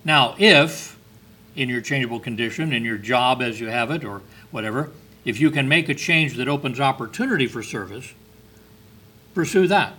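At normal speed, a man with an expressive, mid-range voice, pushed and bright with a breathy edge, preaches a sermon. He keeps it conversational with rhetorical questions and emphatic lifts, reading scripture aloud in King James wording.

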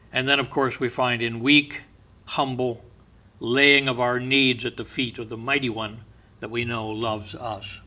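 A man preaching a sermon in a bright, forward voice. He tells stories at an easy pace and often sinks into quiet, low asides before lifting again. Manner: unhurried storyteller, often dropping to a soft, low voice. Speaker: pastor.

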